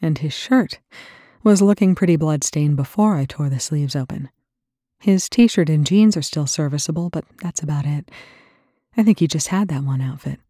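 A woman's voice: deep voice, normal speed, dark tone, slightly rough, dry recording, clean studio sound. A woman voicing a stern, tired female medic who speaks firmly and matter-of-factly. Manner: firm, matter-of-fact.

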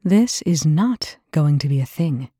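A woman's voice: deep voice, normal speed, dark tone, dry recording, studio quality. A woman voicing a stern, tired female medic who speaks firmly and matter-of-factly. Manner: firm, matter-of-fact.

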